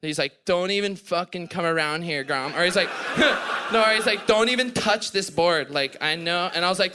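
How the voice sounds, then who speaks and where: Young Hawaiian guy, Hawaiian accent, clear bright tone, breathless laughing storyteller at a live show. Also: high-pitched, normal speed, few pauses. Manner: laughing, breathless retelling with voiced quotes. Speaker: podcast guest. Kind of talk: animated storytelling on stage. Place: live event on stage.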